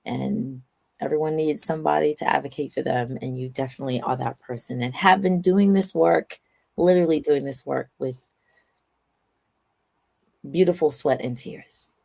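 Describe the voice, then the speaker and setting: A woman's voice: very deep voice, normal speed, vocal fry. A woman hosting an online talk show, chatting casually and telling stories playfully. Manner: lively, playful storytelling. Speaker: host. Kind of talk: casual chat.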